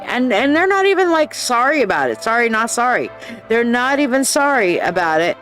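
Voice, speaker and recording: Blunt, animated woman hosting a live stream. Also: fairly high pitch, a little fast, faint music behind. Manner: animated, blunt and profane, acts out quoted people in voices; calls viewers babe and dear. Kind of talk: casual live-stream chat, reading posts aloud.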